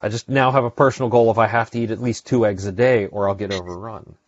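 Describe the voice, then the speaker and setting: A man's voice: on the low side, fairly even intonation, fast, no echo. A man hosting a podcast, chatting casually and rambling with lots of fillers and restarts. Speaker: podcast host. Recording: dry, dull lo-fi sound.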